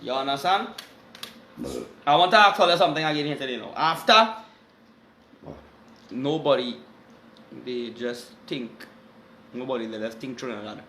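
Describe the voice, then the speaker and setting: A Trinidadian man hosting a rambling live stream, with loud, excited greetings and shout-outs. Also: medium pitch, moderate pace, long pauses, slight background noise. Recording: echoey room.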